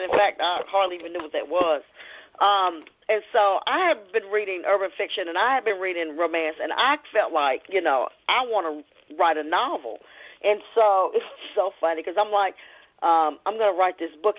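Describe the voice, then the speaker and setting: Lady author reading her book out, steady and earnest, kinda dull lo-fi sound. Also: medium pitch. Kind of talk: reading her novel aloud and interview chat. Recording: lo-fi podcast audio.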